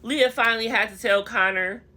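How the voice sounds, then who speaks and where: A woman's voice: fairly high pitch, normal speed, bright, forceful tone. A young woman recapping a reality TV episode in a chatty, slangy, gossipy way, calling her viewers honey and y'all.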